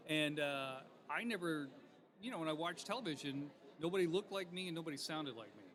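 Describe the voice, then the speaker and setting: A man telling stories in a casual interview, with a bright, forceful tone and a voice pitched a little higher than most men's. He tells his tale in a lively, animated way and acts out the people in it. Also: brisk. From Alabama. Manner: lively, animated storyteller who acts out callers. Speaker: TV morning news personality, guest. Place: expo event.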